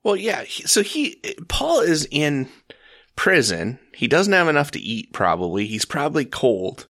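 A man co-hosting a casual faith discussion, an animated storyteller who acts out the people he quotes. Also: on the high side, unhurried, no echo, clean studio sound.

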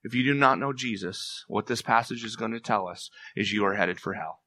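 A man's voice: lowish voice, a little fast, sharp tone, no echo. A man preaching a sermon as pastor, earnest and emphatic, pressing his point with rising intensity.

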